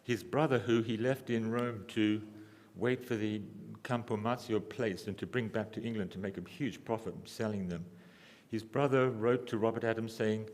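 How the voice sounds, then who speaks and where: A man giving a symposium lecture, halting and restarting often, with dry humor. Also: lowish voice, a little mellow, in a large hall. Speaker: lecturer, architect. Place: lecture hall.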